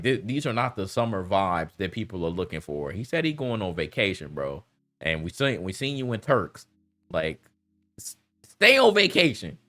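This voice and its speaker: A man's voice: lowish voice, a bit bright. A man giving a casual, slangy commentary rant, laughing often and talking loosely with lots of fillers. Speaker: commentary vlogger.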